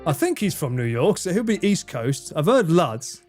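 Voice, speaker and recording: A man's voice: fairly high pitch, sing-song, normal speed, darkish tone, faint music behind. A man chatting casually on a live stream, laughing often and swearing freely as he reads chat.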